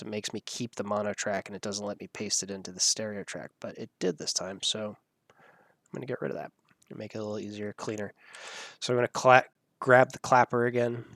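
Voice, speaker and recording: A man's voice: mid-range voice, no echo, studio quality. A man hosting a live audio editing tutorial, thinking aloud as he works and laughing at the clips. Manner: musing, thinking aloud while working. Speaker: host.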